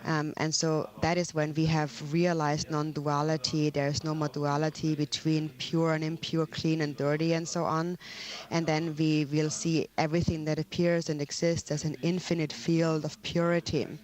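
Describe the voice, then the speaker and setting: A man interpreting and explaining a Buddhist teaching in a humble, hesitant way, pausing often with ums. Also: fairly high pitch, flat delivery.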